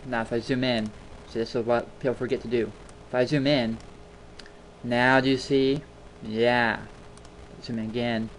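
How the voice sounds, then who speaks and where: A man's voice: medium pitch, level tone, moderate pace, a little hiss or hum. A man hosting a casual screen-recording tutorial, chatty and rambling, repeating words for emphasis, talking into a desktop mic at his home computer. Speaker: video tutorial host.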